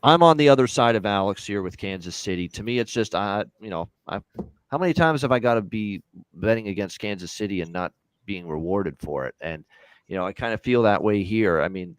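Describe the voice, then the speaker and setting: A man's voice: on the low side, no echo. A man hosting a live sports betting stream, rattling off picks in a rambling, self-aware way. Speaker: sports betting show host.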